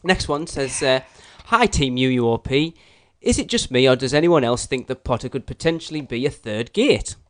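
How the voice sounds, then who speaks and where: A man's voice: medium pitch, animated, normal speed, hardly any pauses, no echo, studio quality. A man co-hosting a casual podcast, joking and reading listener emails aloud. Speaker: podcast co-host.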